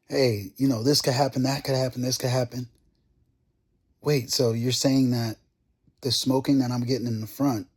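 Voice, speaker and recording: A young man tells a long car story in a casual, animated vlog rant. His voice is mellow and a little husky, and he acts out the back-and-forth of the conversations he quotes. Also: medium pitch. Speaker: car enthusiast vlogger.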